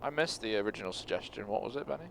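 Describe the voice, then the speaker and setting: A man's voice: lowish voice, expressive, rapid-fire, gravelly, a bit bright, a little hiss or hum. A man co-hosting a flight simulator stream, chatting casually and laughing often. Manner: laughing and playful. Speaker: co-host flying a simulator stream. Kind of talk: casual joking chat.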